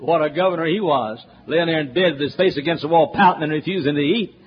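A man's voice: on the high side, fast. A man preaching a sermon through a Bible chapter, folksy and joking, building to emphatic points, on a dull lo-fi recording with faint noise.

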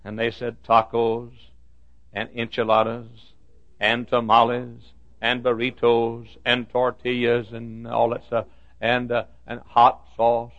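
A man's voice: medium pitch, monotone, takes it slowly, no room sound. A man preaching to school staff in a folksy sermon, telling humorous stories with self-deprecating asides. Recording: dull lo-fi recording.

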